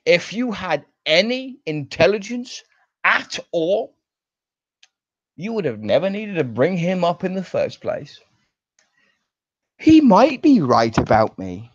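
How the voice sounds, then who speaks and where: A man rants in fury, stretching out his words slowly and letting his pitch leap wildly up and down. The sound is dull and lo-fi, dry with no room around it. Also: no echo. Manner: furious, profane, drawn-out emphatic delivery. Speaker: online show personality. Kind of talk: angry ranting monologue.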